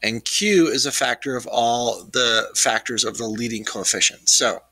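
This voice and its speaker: A man talks through a recorded math lesson while he has nearly lost his voice. His tone is bright, and he explains casually with frequent ums. The sound is dry and close, with no room echo. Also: mid-range voice, normal speed, creaky, slightly rough. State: losing his voice. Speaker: math teacher.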